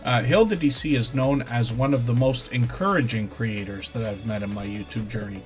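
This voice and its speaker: A man's voice: mid-range voice, normal speed. Casual stream host, man with a lingering cough, chatty and apologetic, faint music behind. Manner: chatty, apologetic, says pardon me often. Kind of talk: casual live stream chat.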